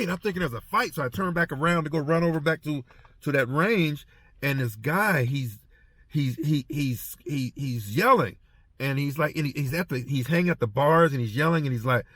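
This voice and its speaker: Halting, storytelling man, dry sound. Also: on the high side, animated, a bit bright, no echo. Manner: halting, repeats words while storytelling. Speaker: former prison officer. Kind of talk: casual spoken reflection. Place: heading home after treatment.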